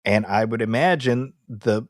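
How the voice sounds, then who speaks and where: A man co-hosting a movie podcast in casual chat, animated and fond of quoting people in put-on voices. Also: medium pitch, unhurried, dry recording, clean studio sound. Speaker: podcast co-host.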